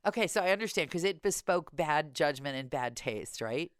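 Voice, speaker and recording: Low-voiced wry woman podcast host. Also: lively intonation, normal speed, clean tone, no echo, clean studio sound. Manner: wry, self-deprecating storyteller. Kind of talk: casual chat.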